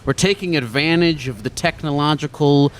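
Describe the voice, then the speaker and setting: A man's voice: fairly high pitch, moderate pace, slight background noise. A man casually interviewing strangers on a city street, asking blunt, curious questions and swearing freely. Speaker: street interviewer playing a gecko.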